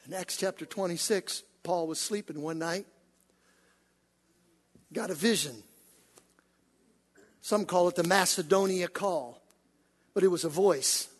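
A man preaching a sermon to his congregation, building up to shouts and calling on the church to answer. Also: high voice, unhurried, pauses often. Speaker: pastor. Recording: hall reverb.

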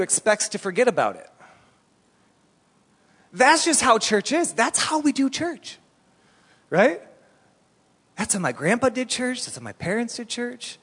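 A man's voice: very high-pitched, sing-song, measured pace, long pauses, fairly bright tone, breathy edge. A man preaching a sermon, telling a story animatedly in a casual, colloquial way. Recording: long reverb in a large hall.

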